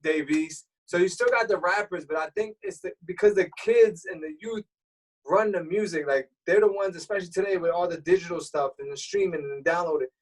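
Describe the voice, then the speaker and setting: Radio DJ guest, male, streetwise and easygoing, slightly raised pitch, heard from a little off the mic. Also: brisk. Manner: relaxed, explanatory, streetwise talk. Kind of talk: casual interview chat. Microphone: remote call. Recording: voice a bit far from the mic.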